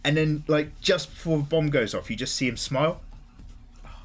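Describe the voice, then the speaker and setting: A man in his thirties, an artist chatting casually on a live stream, talkative, openly emotional and quick to swear. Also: on the high side, soft background music. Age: 30s. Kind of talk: casual livestream chat.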